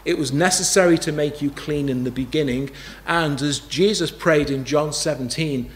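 A man's voice: a little high, normal speed. A man preaching a sermon, emphatic, repeating key phrases and asking rhetorical questions.

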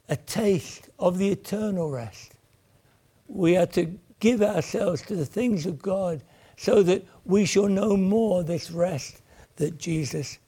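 A man's voice: sits high, darkish tone, slightly rough. A man preaching a sermon in an earnest voice that swells and then sinks almost to a whisper. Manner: earnest, rises and falls, drops to near whispers.

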